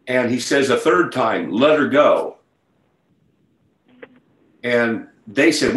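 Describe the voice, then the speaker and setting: A man's voice: medium pitch, animated, moderate pace, a bit bright, echoey room, low-quality recording. A man preaching a sermon over a video call, conversational at first and building to a fervent retelling. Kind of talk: sermon to an online group.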